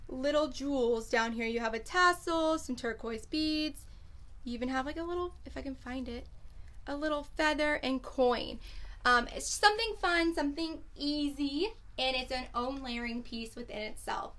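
Bubbly high-voiced woman selling jewelry. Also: sharp tone. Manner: chatty, bubbly, laid back, lots of fillers. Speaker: online boutique host selling jewelry. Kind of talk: live sales video, casual chat.

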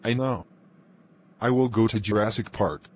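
A man's voice: on the low side, moderate pace, loud music behind the voice, natural voice. A man voicing Red Dinosaur, a mischievous young dinosaur who whines and schemes. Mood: scheming. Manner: whiny, scheming.

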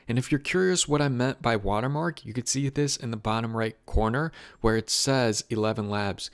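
Male tutorial host, easygoing step-by-step explainer, average pitch, dry close sound. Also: no room sound. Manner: relaxed, chatty step-by-step explaining. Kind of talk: casual software walkthrough.

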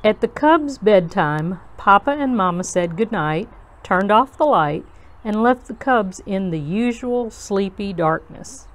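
A woman reading a children's storybook aloud to kids as host, in a slow, gentle, expressive way. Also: medium pitch.

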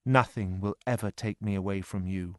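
A man reading a first-person novel aloud as an audiobook for English learners, in a steady storytelling voice. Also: deep voice, normal speed, no echo, studio quality. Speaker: narrator.

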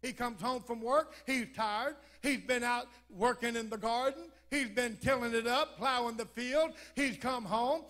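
Man preacher, very high voice, humorous sermon, storytelling with jokes. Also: measured pace, few pauses. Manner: storytelling, lively, joking asides. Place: church.

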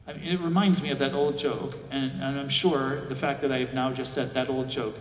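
A man's voice: medium pitch, steady tone, a little fast. A male pastor preaching a sermon, reflective, with rhetorical questions. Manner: reflective, asks rhetorical questions, acts out quoted voices. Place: large church sanctuary. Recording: echoey church hall from far off.

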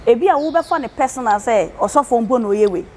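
A woman with a Ghanaian accent, a prophetess answering interview questions in a relaxed conversational way, mixing in English words. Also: a little high, brisk, slight background noise. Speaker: prophetess guest.

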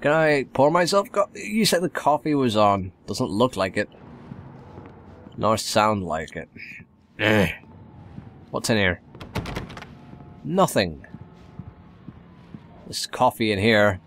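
A man chatting through a let's play of a video game, with rambling, wry asides. His voice is somewhat low and his pace slow and unhurried. A faint hum of noise sits under it. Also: lively intonation, fairly bright tone. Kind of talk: casual gameplay commentary.

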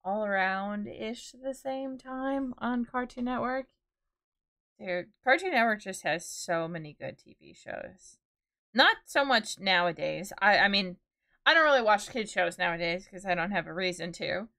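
A woman's voice: medium pitch, lively intonation, measured pace, sharp tone. Chatty young woman streamer. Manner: chatty and rambling, full of "like" and "dude". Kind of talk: casual live-stream chat.

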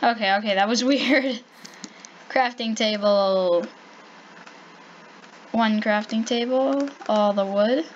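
Excitable woman calling out in sing-song. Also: on the high side, takes it slowly, pauses often, lo-fi sound, slight background noise. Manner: chatty and excitable, calling out to animals in sing-song baby talk. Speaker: gaming channel host. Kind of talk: playful gameplay commentary.

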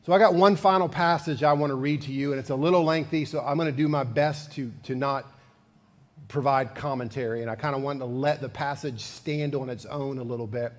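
A man's voice: medium pitch, steady tone, fairly quick, long reverb tail. A male pastor giving a sermon, conversational and building to fervent emphasis. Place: church sanctuary.

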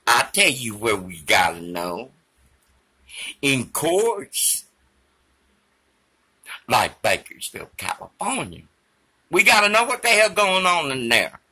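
A man's voice: mid-range voice, huge pitch swings, takes it slowly, pauses often, pushed and bright, husky. A man giving a theatrical, emphatic political monologue. His voice is failing, and he slips Spanish phrases and prayer into it.

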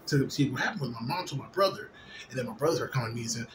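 A man's voice: mid-range voice, lively intonation, racing. Tipsy man ranting late at night. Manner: rambling, profane, with frequent fillers. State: a little drunk. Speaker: vlogger. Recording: noisy ambience behind voice.

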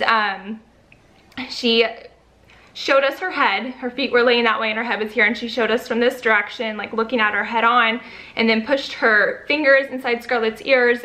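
A woman's voice: a little high, pushed and bright. A young woman and first-time mom chatting casually to her vlog audience, full of fillers, at times emotional. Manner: chatty, lots of fillers, gets emotional and teary. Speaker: vlogger.

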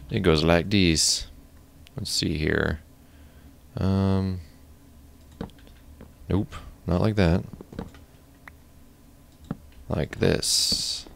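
A man's voice: deep voice, creaky, a little hiss or hum. A man hosting his own gaming channel, chatting casually and thinking aloud while he builds. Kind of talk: casual gameplay commentary.

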